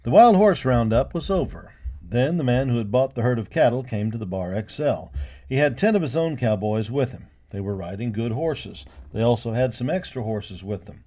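A man reads a western children's story aloud with a warm, mellow tone. He narrates at an ordinary pitch and gives the characters voices as he goes. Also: normal speed. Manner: lively, voicing each character.

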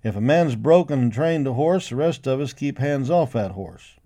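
A man voicing a fair-minded ranch hand who speaks slowly and deliberately. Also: medium pitch, animated, mellow, lightly acted. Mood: firm.

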